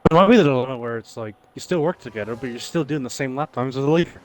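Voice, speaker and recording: A man's voice: medium pitch, very fast, darkish tone. A man co-commentating a live online racing league in a casual, analytical way and laughing easily.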